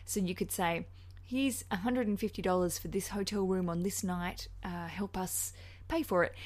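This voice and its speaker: A woman's voice: on the low side, steady tone, moderate pace, darkish tone. A woman with a New Zealand accent hosting a podcast, chatty, gushing and frankly cheeky as she gives advice. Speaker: podcast host. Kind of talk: casual podcast chat.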